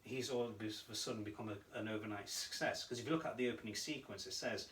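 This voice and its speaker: A man co-hosting a casual podcast, telling stories with animated energy and frequent laughter. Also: lowish voice, quick pace. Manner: animated storytelling, laughs often. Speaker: podcast co-host. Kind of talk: casual chat. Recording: roomy echo, mic at a distance.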